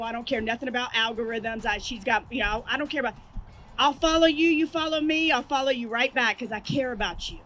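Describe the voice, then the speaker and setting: A high-pitched, bright woman gives an energetic, hype-building motivational speech to athletes at an outdoor ceremony. She talks straight to the crowd. Faint music plays behind her. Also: low-quality recording. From Atlanta, Georgia, US. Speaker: motivational speaker, former sportscaster. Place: outdoor park at a sports opening ceremony.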